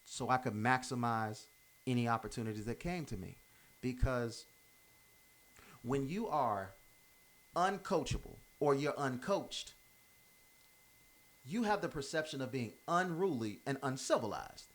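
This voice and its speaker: A man's voice: mid-range voice, lively intonation, unhurried, pauses often. A man giving an unscripted motivational monologue, emphatic and informal, often repeating himself and restarting phrases. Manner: informal, drops verbs. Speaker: commentator giving life advice.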